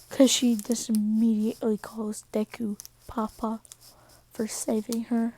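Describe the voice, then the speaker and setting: A woman's voice: a little high, flat delivery, unhurried, vocal fry, dark tone. A tired woman casually retelling a fan story, rambling with "so" and "yeah" as she goes.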